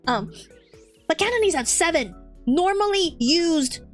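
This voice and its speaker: High, lively young woman streamer. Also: a little slow, soft background music. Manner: chatty, giggly, lots of fillers. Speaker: VTuber streamer. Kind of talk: casual chat.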